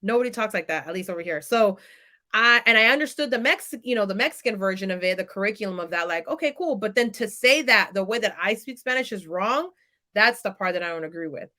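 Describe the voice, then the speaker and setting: A Californian woman in her thirties appears as a podcast guest, telling her story in a casual, animated manner with a bright, clear voice. She frequently acts out the lines of people she quotes, speaking fast in a mid-range voice.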